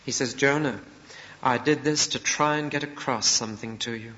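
A man preacher voicing a gentle, loving male deity who patiently corrects a prophet, in an echoey hall with dull lo-fi sound. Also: mid-range voice, normal speed, close to an everyday voice. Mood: earnest. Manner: patient, earnest pleading.

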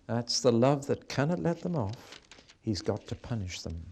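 A man's voice: medium pitch, big pitch swings, unhurried, creaky, a little mellow, slight background noise. A man preaching a sermon, reading scripture aloud with strong feeling.

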